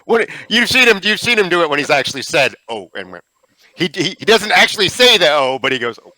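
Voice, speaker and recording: A man at a tabletop game with a fairly high, bright voice that swings widely in pitch. He tells the story animatedly, acting out his character's reactions, in a dry close recording. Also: sing-song, fast talker, no echo, rough recording. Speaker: player. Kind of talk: tabletop game play and recap.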